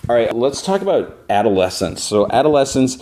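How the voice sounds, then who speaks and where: A man's voice: mid-range voice, sing-song, brisk, warm tone. A man hosting a podcast, casually recapping TV episodes in a chatty way, full of "like" and "you know.". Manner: exasperated at the plot. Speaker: podcast host.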